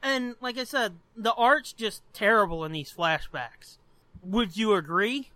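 Bright-voiced man ranting, profanity-heavy. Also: sits high, a little slow, no room sound. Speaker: podcast co-host. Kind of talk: casual comic review chat.

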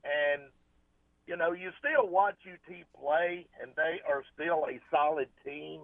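A man's voice: on the high side, measured pace, creaky, dry recording. A man calling in to a radio show, talking in a rambling, folksy way. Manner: rambling, folksy, restarts often. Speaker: caller. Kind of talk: casual call-in chat. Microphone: phone. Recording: tinny phone line.

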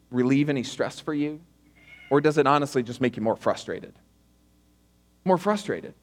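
Male pastor, high voice, earnest conversational sermon, long church-hall reverb. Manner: earnest, conversational preaching with rhetorical questions. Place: church auditorium.

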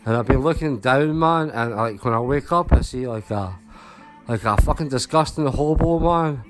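A man's voice: medium pitch, normal speed, soft background music. A man with a Scottish accent, a regular caller telling a crude, drawling story and tagging his phrases with "man". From Scotland. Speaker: recurring caller. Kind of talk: rambling voicemail story.

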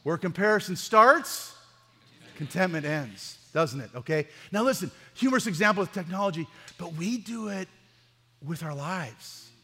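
A man, a pastor, giving a humorous sermon with lively stories, acting out the dialogue. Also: high-pitched, moderate pace, in a large hall. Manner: animated, acts out dialogue in the stories. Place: church.

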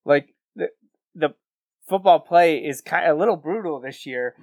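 A man co-hosting a casual sports podcast in a relaxed, conversational way, sometimes trailing off mid-thought. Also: on the high side, moderate pace, no echo. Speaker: podcast co-host.

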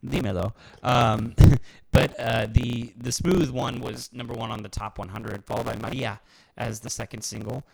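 A man's voice: mid-range voice, steady tone, moderate pace, vocal fry. A man co-hosting a casual music podcast, running through a countdown list with fillers and easy laughs. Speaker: podcast co-host. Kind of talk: casual chat. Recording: noisy amateur recording with clicks.

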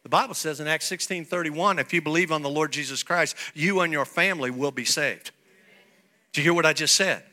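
A male pastor preaching a sermon, swinging from soft playful asides to shouted declarations. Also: on the high side, brisk.

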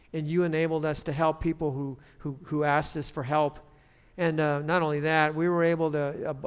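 A man preaching a sermon as pastor, conversational with restarts, rising to loud emphatic preaching. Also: a little high, clear, resonant tone.

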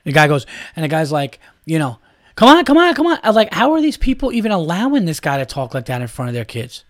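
A man's voice: a little high, sing-song, fast talker, no room sound, clean studio sound. Fired-up man ranting on his podcast. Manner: heated, profane, rambling. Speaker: podcast host. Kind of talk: solo podcast rant.

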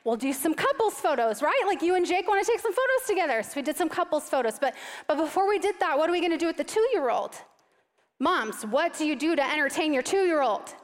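A woman in her thirties giving a sermon, telling a self-mocking family story in an animated way before turning to scripture. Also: high voice, brisk. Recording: long reverb of a large hall.

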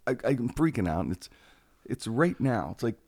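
Gravelly man telling stories. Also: medium pitch, fairly quick, no room sound. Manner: animated, acts out quotes in a raised voice. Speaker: radio personality. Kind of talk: casual podcast storytelling.

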